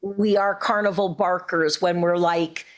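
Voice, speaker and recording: A middle-aged woman voice actress chatting as an interview guest, warm and rambling with frequent restarts. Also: lowish voice, fairly even intonation, a little slow. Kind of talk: casual interview chat.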